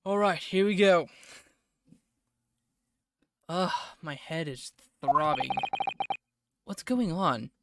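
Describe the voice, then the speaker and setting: A man's voice: a little high, slow pace, pauses often, very noisy. A man streaming a game, chatting casually and joking about his own accent. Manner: chatty, self-deprecating. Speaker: gaming streamer. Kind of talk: casual let's-play commentary. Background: loud game music.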